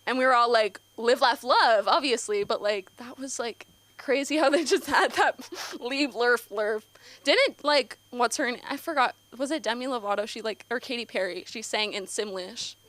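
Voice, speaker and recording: A woman's voice: on the high side, moderate pace, fairly bright tone. A teenage girl doing a nervous, rambling open mic stand-up set on a comedy club stage, full of fillers and giggles. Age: teens.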